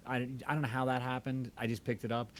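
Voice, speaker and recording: A man's voice: mid-range voice, level tone, quick pace. A man hosting a casual live chat, rambling with lots of fillers. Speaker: chat host. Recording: faint background noise.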